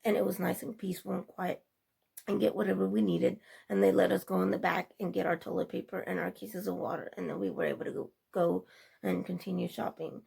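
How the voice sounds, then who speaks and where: A young woman tells a long, meandering story to her camera, acting out what everyone said along the way. Her voice is heavily gravelly, with a deep fry, and is very rough and husky. She keeps the delivery chatty and informal throughout. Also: steady tone, brisk, darkish tone. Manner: rambling, chatty retelling with quoted dialogue. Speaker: vlogger. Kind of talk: casual storytelling vlog.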